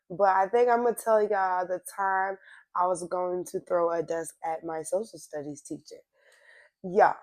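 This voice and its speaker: A young woman with a hoarse, worn-out voice tells a casual storytime straight to her viewers, in an animated, slangy way. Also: fairly low pitch. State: hoarse, voice nearly gone. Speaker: storytime vlogger.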